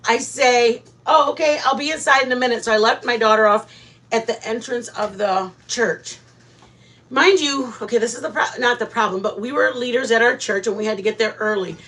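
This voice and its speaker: High, bright-voiced woman telling stories. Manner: animated storyteller, laughs often. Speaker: live stream host. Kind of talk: casual live chat with viewers.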